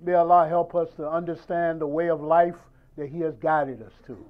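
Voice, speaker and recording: A man's voice: on the high side, little pitch movement, normal speed, phone-quality sound. A man preaching a sermon in a conversational style, acting out dialogues and firing rhetorical questions.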